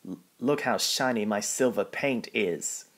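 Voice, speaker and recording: A man reading aloud and voicing a snooty, boastful male silver engine with a sneering, drawn-out delivery. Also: on the low side, fairly bright tone.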